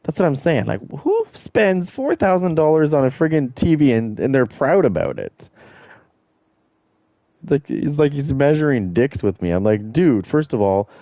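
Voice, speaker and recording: A man's voice: lowish voice, warm tone, dry recording. A middle-aged man streaming a game, ranting in a blunt, profane, rambling way. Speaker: gaming streamer. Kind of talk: casual rant while streaming.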